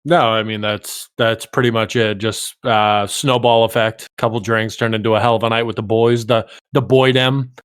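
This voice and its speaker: A man's voice: lowish voice, flat delivery, moderate pace, hardly any pauses, a bit bright, smooth, no room sound, studio quality. A man co-hosting a podcast in casual chat, wry and self-deprecating. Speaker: podcast co-host.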